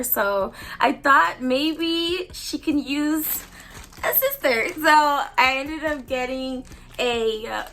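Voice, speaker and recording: A young woman with a high voice chats casually through an unboxing vlog. She talks at an unhurried pace and gushes, repeating her excited exclamations. Her tone stays easy and homemade. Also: rough recording. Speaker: doll collector vlogger.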